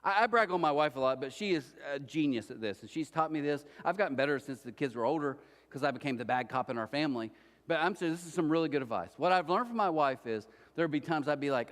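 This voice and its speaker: A middle-aged man preaching a sermon as pastor, telling stories and acting out quoted voices with lively swings. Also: fairly high pitch, fast. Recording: church hall reverb.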